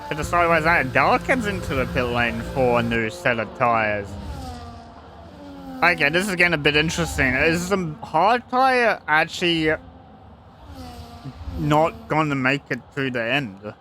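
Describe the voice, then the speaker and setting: A man's voice: on the high side, big pitch swings, unhurried, bright, forceful tone, slight background noise. A young man giving casual live commentary on an online sim racing league, rambling and restarting sentences. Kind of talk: live esports race commentary.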